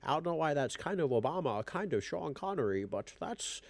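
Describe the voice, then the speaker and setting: A man doing his calm, polite grown-up voice, slow and measured. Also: gravelly, no echo. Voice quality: low, soft and measured.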